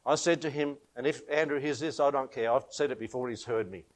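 A man's voice: medium pitch, a little fast. A man preaching a sermon, chuckling often and rising and falling for emphasis.

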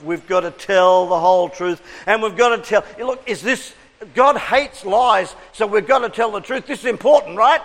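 Aussie guy preaching, high voice, keeps quizzing the crowd, big echoey hall sound. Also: moderate pace. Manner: lively, coaxing the crowd with questions and call-and-response. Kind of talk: interactive sermon to a congregation.

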